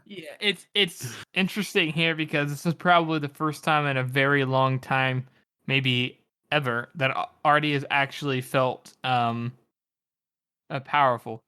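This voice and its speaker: Man, bright and sharp tone, jokey and profane; casual podcast co-host. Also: medium pitch, steady tone, unhurried, clear, resonant tone. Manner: joking, swears freely, mock-offended. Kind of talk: casual book discussion.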